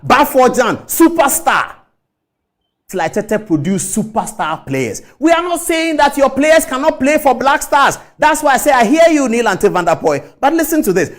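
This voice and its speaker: A man from Ghana giving impassioned, indignant commentary with rhetorical questions. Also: extremely high pitch. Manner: indignant, rhetorical, mimics others in quotes.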